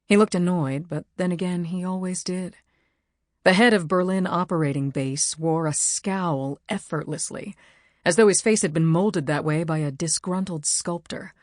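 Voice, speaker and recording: A woman reading an audiobook in measured, wry scripted narration. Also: lowish voice, a little mellow, dry recording, studio quality.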